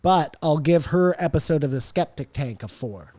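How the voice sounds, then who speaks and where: A man co-hosting a podcast in casual chat, sardonic and quick to disagree. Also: on the high side, animated, warm tone, no room sound. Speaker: podcast co-host.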